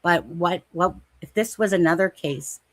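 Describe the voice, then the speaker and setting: A woman's voice: fairly low pitch, moderate pace, no room sound. A woman co-hosting a true crime podcast in casual chat, talking in rambling, emphatic bursts and repeating herself. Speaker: podcast co-host.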